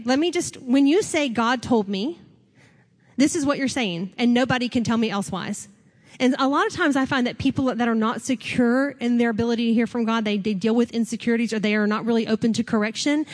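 A woman pastor with a fairly high voice delivers a sermon in an easy, chatty manner. She laughs often and slips into little voices when she acts out what people say. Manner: conversational, laughs often, acts out quoted speakers.

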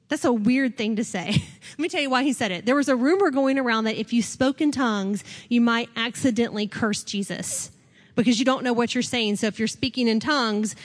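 A woman pastor with a fairly high voice delivers a sermon in an easy, chatty manner. She laughs often and slips into little voices when she acts out what people say. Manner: conversational, laughs often, acts out quoted speakers.

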